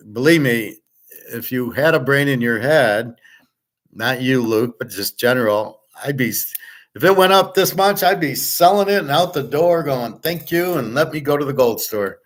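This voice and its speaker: A man teaching a relaxed online class, blunt and profane, rambling with restarts and answering viewers' chat. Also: mid-range voice. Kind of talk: casual livestream lecture.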